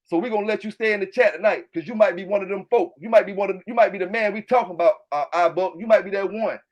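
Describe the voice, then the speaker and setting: A man with a Southern US accent who hosts his own channel about his dog kennel, ranting loudly and with plenty of swearing to his livestream chat. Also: high-pitched, fast, muffled recording. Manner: loud, fired-up, profane, keeps repeating filler tags. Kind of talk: livestream rant answering chat.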